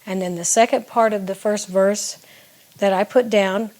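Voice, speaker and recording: A woman's voice: mid-range voice, fairly even intonation, normal speed, darkish tone. A woman songwriter talking casually to the camera, explaining her lyrics in an earnest, reflective way.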